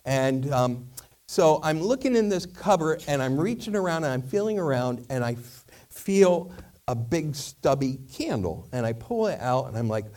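A man's voice: a little high, normal speed. A male preacher telling a parable in a sermon, acting out every part of the dialogue. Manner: animated storyteller acting out dialogue. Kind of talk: sermon storytelling. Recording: voice a bit far from the mic.

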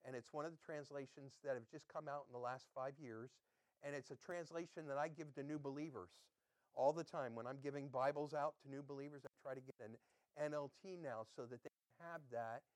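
A man's voice: medium pitch, dry recording, clean studio sound. A man pastor giving a conversational sermon, quizzing his listeners and chatting with them between readings.

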